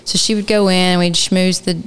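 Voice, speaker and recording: A woman's voice: on the low side, little pitch movement, moderate pace, clear, resonant tone. A middle-aged woman from Texas, telling her story candidly as a podcast guest in a frank, rambling, self-mocking way.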